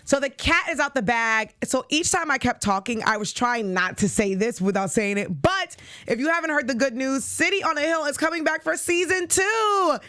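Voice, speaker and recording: A woman from the Boston area with a Boston accent, hosting a casual TV review show and chatting to viewers in a rambling, animated way. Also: high-pitched, moderate pace. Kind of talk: casual recap chat. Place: studio.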